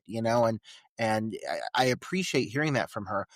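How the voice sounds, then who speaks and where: A man co-hosting a podcast, talking through a film in relaxed chat, full of filler words. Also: lowish voice, moderate pace, dry recording, studio quality. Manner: conversational, many filler "like"s. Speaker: podcast co-host. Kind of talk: casual film discussion.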